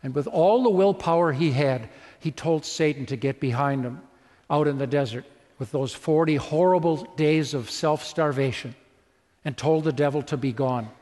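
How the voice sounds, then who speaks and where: A male preacher retelling a story in a sermon, vivid and full of rhetorical questions. His voice sits fairly high for a man. Long reverb from a large hall trails each phrase. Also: darkish tone.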